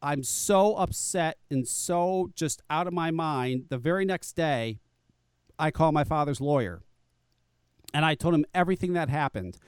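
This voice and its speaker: A man with a smooth, resonant voice pitched a little high tells his story bluntly, swearing freely and acting out the people he quotes. He trips into stammered restarts as he goes. The sound is dry and close, with no room around it. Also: animated, a little slow, no room sound. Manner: blunt, profane, emphatic, acts out quoted people; frequent restarts and stammered repeats. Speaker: podcast guest telling his story. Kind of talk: casual spoken storytelling.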